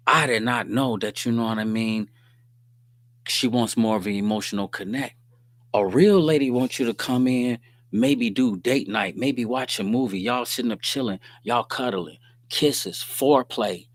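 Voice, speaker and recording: A man's voice: mid-range voice, fairly bright tone, no echo. A middle-aged man, hosting a casual talk stream, telling stories in slang and reading viewer comments. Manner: streetwise slang, storytelling, frequent "you dig what I'm saying". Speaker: host.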